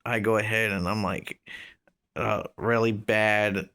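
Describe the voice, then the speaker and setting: A man's voice: lowish voice, steady tone, slow, sharp tone. A man in his thirties casually telling a story, rambling with lots of fillers and swearing. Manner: rambling, profane, filler-heavy. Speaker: vlogger.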